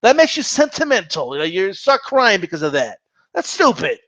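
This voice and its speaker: A man's voice: high-pitched, huge pitch swings, normal speed, fairly bright tone, muffled recording. A man hosting a live boxing talk stream, ranting with profanity and mocking mimicry. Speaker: boxing channel host. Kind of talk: live Q&A rant.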